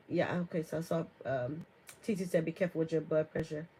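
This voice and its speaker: A woman's voice: sits low, fast talker, mellow, breathy edge, low-quality recording. A woman hosting a live stream as an herbalist, talking casually with lots of fillers and reading viewer comments aloud. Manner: chatty, laughs often, many fillers; reads viewer comments aloud and answers them.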